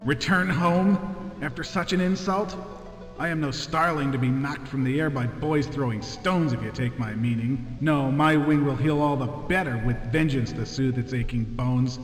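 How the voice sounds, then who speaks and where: A man's voice: medium pitch, moderate pace, natural voice. A proud, honor-bound bird-man warrior, voiced by a man, speaking formally with cold resolve. His voice sits in the middle register. It rings out with a long, roomy reverb, with faint music underneath. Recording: game audio with roomy reverb.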